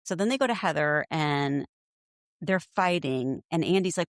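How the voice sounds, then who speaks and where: A woman's voice: low voice, expressive, moderate pace, no echo, studio quality. A woman co-hosting a podcast, recapping reality TV in casual chat, blunt and swearing freely, often laughing and acting out quotes. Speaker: podcast co-host.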